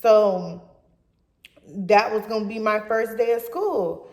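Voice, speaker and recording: A young woman casually telling a story from her teens in a blunt, profane, animated way. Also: medium pitch, takes it slowly. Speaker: vlogger. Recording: roomy echo.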